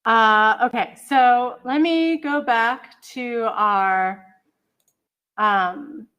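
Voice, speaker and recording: Over a video-call computer mic, a middle-aged woman leads an online college English class, speaking extremely slowly in a voice on the high side that's fairly bright, clear, and resonant. The sound is lo-fi, and she chats, apologizes, and hums while searching for files.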